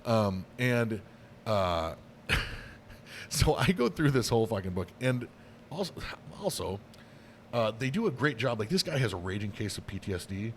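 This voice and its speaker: A man with a lowish voice chats loosely on a podcast, swearing often and tripping over his words. A faint hum of room noise sits under his voice. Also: very animated, normal speed. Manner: rambling, swears a lot, many fillers and restarts. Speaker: podcast co-host. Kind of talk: casual chat.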